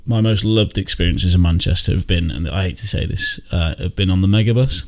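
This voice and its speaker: A man's voice: low voice, brisk, background noise. A man co-hosting a podcast, teasing his co-host with dry banter. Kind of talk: casual chat.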